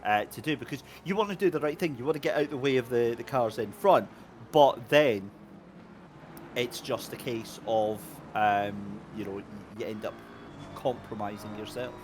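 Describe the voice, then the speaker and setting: A man commentating a sim race, excitable and jokey as he banters with his co-host. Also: mid-range voice, normal speed, noisy background.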